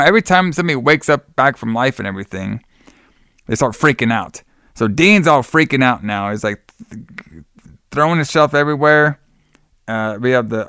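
A man's voice: medium pitch, a bit bright, clear, resonant tone, dry recording, studio quality. A man casually recapping a horror movie as podcast co-host, rambling, swearing and laughing often.

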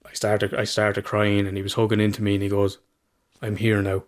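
A man co-hosts a casual podcast, his voice sitting a little low. He rambles through his stories, swears freely and laughs often. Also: completely flat delivery, quick pace. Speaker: podcast co-host. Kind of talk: casual chat.

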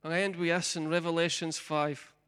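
A man preaching a sermon as a pastor. He swings between loud, forceful preaching and soft, whispered pleading. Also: on the high side, little pitch movement, a little fast, clear, resonant tone. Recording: long hall reverb.

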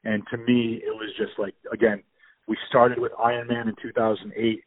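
A man's voice: mid-range voice, flat delivery, moderate pace, noisy background. A man in casual talk about a movie, enthusiastic and rambling, with many fillers and restarts. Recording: tinny phone-like audio.

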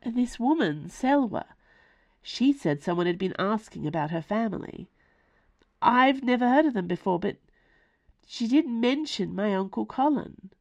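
A woman's voice: on the high side, lively intonation, measured pace, a little mellow, voice pushed up. Woman doing a polite, flustered young lady. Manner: polite, breathless.

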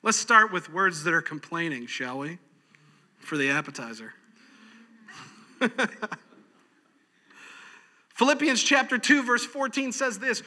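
A man's voice: high voice, sing-song, a little slow, long pauses, bright, forceful tone, big-room sound. A man preaching a sermon in a folksy, practical way, chuckling often. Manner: folksy, practical, laughs easily. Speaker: pastor.

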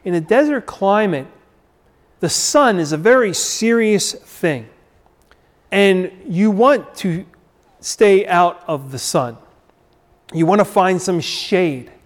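A man preaching a sermon, slow and emphatic, repeating his key phrases and dramatically acting out the quoted figures. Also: sits high, lively intonation.

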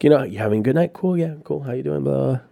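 A young adult man tells a story as a guest on a podcast, animated and laughing between sentences. His speech is loose and full of swearing, and his voice sits in an ordinary middle register. The studio mic picks him up dry and close, with no room sound around him. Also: medium pitch, very fast, vocal fry, no room sound. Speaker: podcast guest, business founder. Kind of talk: casual storytelling podcast chat.

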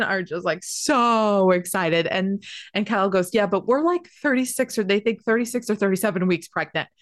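A pregnant woman, telling a personal story in a chatty, animated way, with a lot of "like" and casual swearing. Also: on the low side, dry recording, clean studio sound. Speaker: spiritual healer sharing a personal story.

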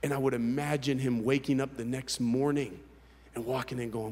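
A male pastor telling a personal story in a sermon, candid and conversational, with halting restarts. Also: medium pitch, fairly even intonation, darkish tone. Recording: long hall reverb.

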